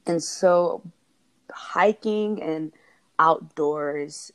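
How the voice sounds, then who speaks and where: With a low voice and drawn-out words, this woman co-hosts a podcast. Her talk is casual yet earnest and heartfelt, frequently broken up by laughter.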